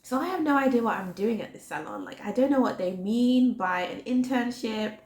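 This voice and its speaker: A woman in her twenties telling a personal story in a chatty, animated way, full of "like". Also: fairly high pitch, moderate pace. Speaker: vlogger. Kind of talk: storytime vlog. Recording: roomy echo.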